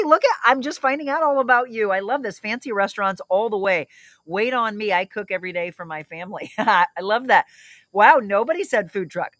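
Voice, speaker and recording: A woman's voice: medium pitch, a bit bright, no echo. A middle-aged woman hosting a casual livestream, chatting upbeat and reading out viewer comments. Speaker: livestream host.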